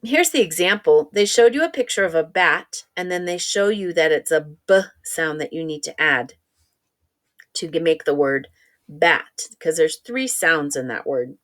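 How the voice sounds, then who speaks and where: Female reading teacher, lowish voice, very slow, sounds out short vowels for young kids, patient and encouraging. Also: a bit bright. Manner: patient, encouraging, talking straight to a young child. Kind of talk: children's phonics lesson.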